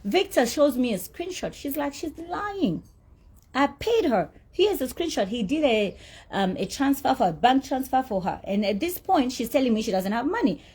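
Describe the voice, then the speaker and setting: A woman's voice: fairly high pitch, very animated, a little fast, a little mellow, slightly rough. A middle-aged woman telling her side of a dispute over an unpaid appearance, blunt, indignant and swearing freely. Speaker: celebrity recounting a dispute. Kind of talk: heated personal storytelling.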